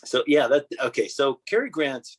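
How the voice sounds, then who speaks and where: Husky man rambling about a film. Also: mid-range voice, lively intonation, moderate pace. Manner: rambling, filler-heavy, laughs often. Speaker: podcast host. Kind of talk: casual film discussion.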